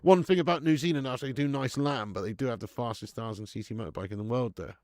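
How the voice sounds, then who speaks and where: A man's voice: mid-range voice, quick pace, a little mellow, dry recording, clean studio sound. A man hosting a live football watch-along, chatting casually, bantering with viewers and swearing now and then.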